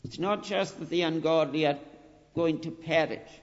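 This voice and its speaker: A man preaching a sermon, earnest and deliberate, repeating his phrases and rising to emphatic pleading. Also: a little high. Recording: dull lo-fi recording with long hall reverb.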